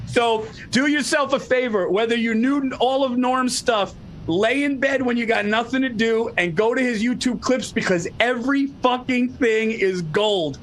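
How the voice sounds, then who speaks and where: A man's voice: extremely high pitch, normal speed, a bit bright, slight background noise. A man on a video call telling stories in a profane, enthusiastic casual chat. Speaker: podcast co-host.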